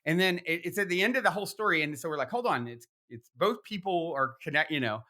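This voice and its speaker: Bright-voiced man telling a story. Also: on the high side, fast talker. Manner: rambling, many fillers and restarts. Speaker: podcast host. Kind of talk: animated storytelling in conversation.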